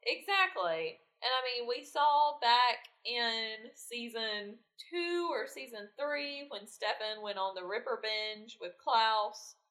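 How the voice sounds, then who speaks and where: Woman, podcast co-host, bright, slightly high, opinionated chat. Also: expressive, takes it slowly, hardly any pauses. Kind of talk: casual chat about a TV show.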